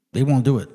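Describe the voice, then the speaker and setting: Brief: profane, swaggering male host, higher-pitched voice, arguing hard on a stream and reading text aloud. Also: mellow, slightly rough. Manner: claims he talks like this without getting mad. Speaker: channel host. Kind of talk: heated livestream argument, reading passages aloud.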